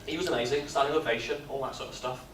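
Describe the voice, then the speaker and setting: A man, speaking at a business workshop and telling stories in a lively, jokey way. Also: medium pitch, rapid-fire, slight background noise. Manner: lively storyteller, jokey and animated. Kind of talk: live workshop talk with comic storytelling. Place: expo hall. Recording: echoey hall, mic from far off.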